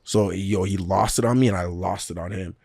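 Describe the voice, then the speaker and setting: A man's voice: low-pitched, fairly quick, creaky, dry recording. A young man, a professional footballer, telling stories in a casual interview with lots of slang and laughter. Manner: animated, laughing, slang-heavy storyteller.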